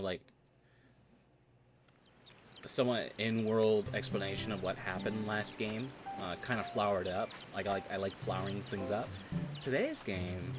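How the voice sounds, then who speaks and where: Low-voiced man rambling over game music. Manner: rambling, laughs often, swears freely. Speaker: streamer and tabletop game master. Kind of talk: casual chat while playing a video game. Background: video game music.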